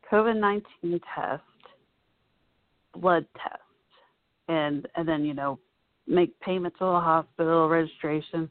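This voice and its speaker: A woman's voice: fairly low pitch, no room sound. A woman vlogger telling a personal story in a casual, chatty way, full of "you know" asides. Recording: dry, tinny phone-like sound.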